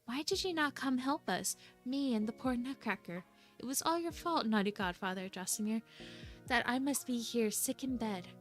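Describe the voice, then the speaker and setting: A woman's voice: a little high, animated, normal speed, faint music behind, natural voice. A woman voicing a young girl scolding her godfather from her sickbed, reproachful and pleading.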